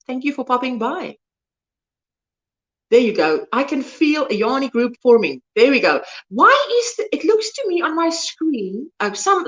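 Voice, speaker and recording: With a fairly high, fairly bright voice, this South African woman, a native Afrikaans speaker, chats her way through viewer comments on her crochet livestream. She rambles and sometimes loses her words mid-sentence.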